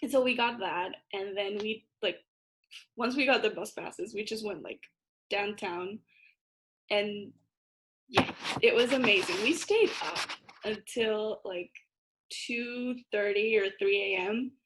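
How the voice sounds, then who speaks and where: A woman's voice: medium pitch, takes it slowly, background noise. A young woman from Paraguay, a guest in a casual chat, chatty, filling her talk with little fillers and laughing often.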